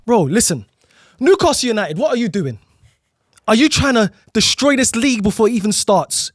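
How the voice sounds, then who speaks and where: A man's voice: sits high, very animated, moderate pace, no room sound, clean studio sound. A man, co-hosting a football chat show and ranting in an exasperated, teasing way. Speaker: podcast co-host. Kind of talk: heated football rant.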